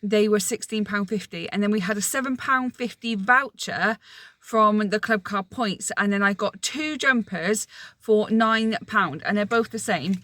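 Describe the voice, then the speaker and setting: A woman's voice: medium pitch, unhurried, pushed and bright. A young adult woman, candidly chatting to camera in a casual vlog and often repeating herself. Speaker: vlogger.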